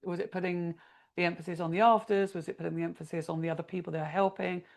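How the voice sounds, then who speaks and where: A woman's voice: on the low side, fairly even intonation, fast, gravelly, background noise. A woman hosting a podcast who asks probing, encouraging questions. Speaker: podcast host. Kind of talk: podcast interview.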